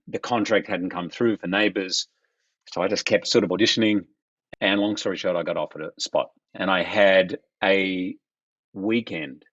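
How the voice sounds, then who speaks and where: A man, animated as he tells personal stories in a podcast interview. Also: fairly low pitch, no room sound, dull audio. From Australia. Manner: animated, acts out quoted voices of others. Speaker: guest. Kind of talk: reflective storytelling in conversation.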